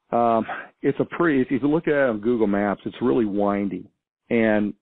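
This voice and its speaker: A man phones in to a radio show from a small farm town and shares a casual story, hesitating, rambling, and restarting often. His voice is medium-pitched, carried on a tinny, dry phone line with no room sound.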